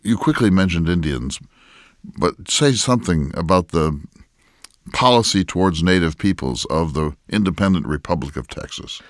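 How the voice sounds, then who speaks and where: A man playing an elderly early American ex-president, speaking in character in a measured, inquisitive way with frequent restarts, recorded in a barn. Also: low voice, expressive, no echo, studio quality. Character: early American ex-president, elderly male statesman, curious and scholarly. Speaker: historical interpreter. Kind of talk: in-character public dialogue.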